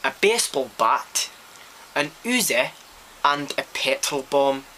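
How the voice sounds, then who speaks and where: Rowdy Scottish man, as a man puts him on, sweary, incredulous, bright voice. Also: mid-range voice, sing-song, takes it slowly, slight background noise, full character voice. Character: rowdy Scottish man telling a wild story.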